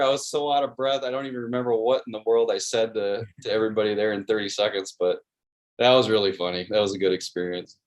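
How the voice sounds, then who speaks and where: A man's voice: lowish voice, steady tone, fairly quick. A man, telling stories as a guest in an interview, earnest and friendly, with many restarts and "you know"s. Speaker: guest, sports video producer. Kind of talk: casual interview storytelling.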